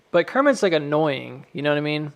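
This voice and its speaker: Gravelly-voiced American man chatting on stream. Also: fairly high pitch, sing-song, normal speed. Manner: laughs often, rambling and self-amused. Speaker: live-stream host. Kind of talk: casual stream chat.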